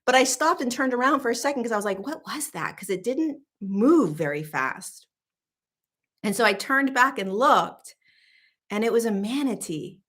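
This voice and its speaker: Bright-voiced woman telling a story. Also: fairly high pitch, moderate pace. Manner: animated, emphatic, chatty with fillers like "right?". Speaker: spiritual teacher and host. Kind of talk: casual storytelling monologue.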